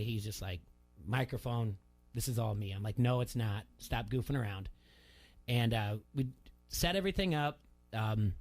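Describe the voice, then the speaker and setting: A middle-aged man hosting a casual sports radio talk show, telling a story and getting animated when he quotes people. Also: mid-range voice. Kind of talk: casual chat.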